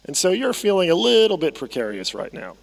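A man's voice: sits high, wildly swooping pitch, brisk, creaky, in a large hall. A man preaching a sermon as pastor, conversational, often repeating phrases and asking the congregation to respond. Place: church sanctuary.

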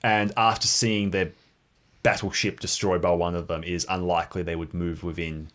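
A man's voice: sits low, normal speed. A man running a tabletop game as game master, laughing often and slipping into character voices. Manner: laughing, animated, jumps into many character voices.

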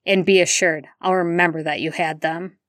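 A woman's voice: lowish voice, fairly even intonation, normal speed, a bit bright, no room sound, clean studio sound, natural voice. A woman reading the part of a grown werewolf wizard who speaks in a cold, clipped, controlled way.

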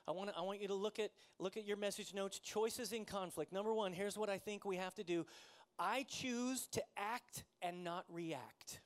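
A man with a notably high voice preaching a sermon. He tells a personal story in a relaxed, conversational way and often laughs at himself. He sounds like a pastor in his forties.

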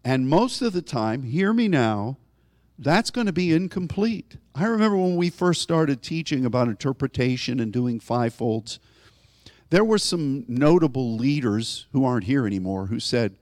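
A man preaching a conversational sermon, often rising in pitch for emphasis as he explains a scripture. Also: big pitch swings, a little slow, a little mellow, no room sound, studio quality.

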